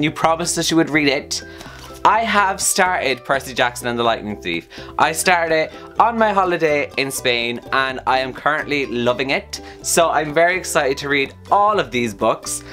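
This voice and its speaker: A young man with a sore throat chatting to camera as a book vlogger, upbeat and excitable. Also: fairly high pitch. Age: young adult. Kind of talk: casual chat to camera.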